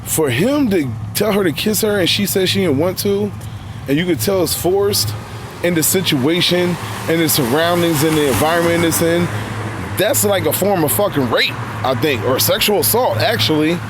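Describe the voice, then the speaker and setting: A man's voice: on the high side, normal speed, noisy background. A man giving blunt, heavily profane, unscripted reaction commentary while live streaming about a video clip.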